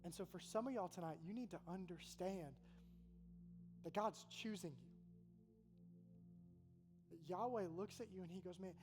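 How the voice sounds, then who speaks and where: A man's voice: sits high, normal speed, long pauses, over music. A man, a college pastor, preaching a sermon in a large hall with an earnest, conversational manner and repeated phrases. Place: large hall with an audience in Oxford. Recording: echoey hall with faint hum.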